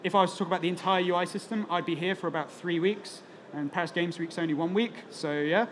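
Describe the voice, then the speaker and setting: A man's voice: high-pitched, steady tone, fast, a little hiss or hum. A man presenting on stage at a conference as a product evangelist, chatty and joking, with lots of fillers. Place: conference talk in front of an audience.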